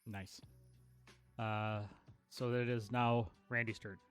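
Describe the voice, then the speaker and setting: A man's voice: fairly low pitch, little pitch movement, slow, clear, resonant tone, soft background music. Man game-mastering a tabletop game. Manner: loose, rambling narration.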